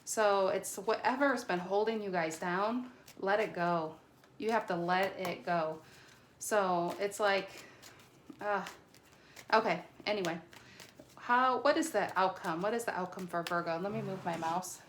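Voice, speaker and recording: Woman, tarot reader, casual to camera, excitable, chatty, a bit nervous, trips over words, mid pitch. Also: a little slow, a little hiss or hum.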